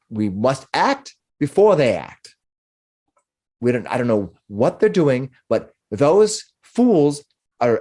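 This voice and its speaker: A man's voice: mid-range voice, darkish tone, voice pushed up. A man voicing a stern, insistent woman leader who demands action. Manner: insistent, pushy.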